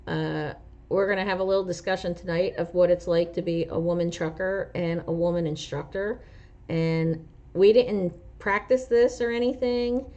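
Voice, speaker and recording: A woman's voice: on the low side, mellow. A woman with a New Jersey accent, a truck driver and instructor hosting a casual livestream and chatting with viewers, rambling with lots of fillers. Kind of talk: casual livestream chat, answering viewer comments. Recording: dull lo-fi livestream audio.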